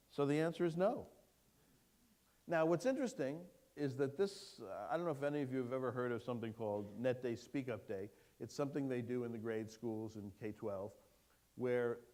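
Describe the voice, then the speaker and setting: A man giving a keynote lecture to an audience, lively and engaging, putting questions to the room. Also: medium pitch. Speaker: keynote speaker. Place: lecture hall before an audience.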